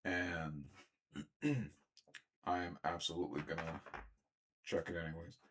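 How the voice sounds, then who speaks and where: A young man with a very deep voice talks through a toy unboxing in a loose, rambling way. He keeps stopping to clear his throat and tacks on asides as he goes. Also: little pitch movement, a little slow, a bit bright. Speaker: toy reviewer. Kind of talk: casual unboxing review.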